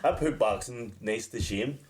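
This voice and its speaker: A man with a middle-pitched voice chats and teases in a loose, profane way. He tells stories about nights out between jabs at his friends. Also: moderate pace, crowd noise. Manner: profane, teasing. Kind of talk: casual banter.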